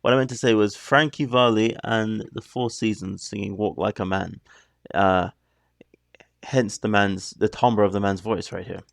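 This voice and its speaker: Gravelly, low-voiced man rambling casually. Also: fairly even intonation, normal speed, no echo, clean studio sound. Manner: chatty, rambling, self-interrupting. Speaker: reaction video host.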